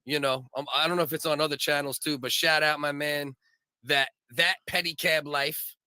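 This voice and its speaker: A man's voice: a little high, steady tone, moderate pace, bright, forceful tone, clear, resonant tone, no room sound. A man co-hosting a comedy talk show, trading crude, profane banter and laughing often. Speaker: podcast co-host.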